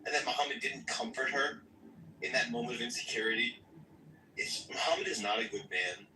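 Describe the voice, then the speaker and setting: A man's voice: mid-range voice, a little fast, bright, forceful tone. A man arguing hotly and profanely in an online voice-chat debate. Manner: heated, profane, emphatic. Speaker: debate participant. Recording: roomy, distant mic, faint noise.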